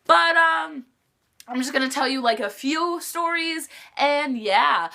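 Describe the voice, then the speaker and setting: Teenage girl, high voice, bright tone, chatty storytime vlogger, filler-heavy talk. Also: animated, takes it slowly, vocal fry. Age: teens. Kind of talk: casual storytime chat.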